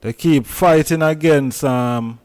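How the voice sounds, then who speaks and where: Jamaican male host for a casual commentary vlog, slow and emphatic, repeats himself to drive points home. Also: fairly high pitch, darkish tone, smooth. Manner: repetitive, emphatic, drawn-out phrasing. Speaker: channel host.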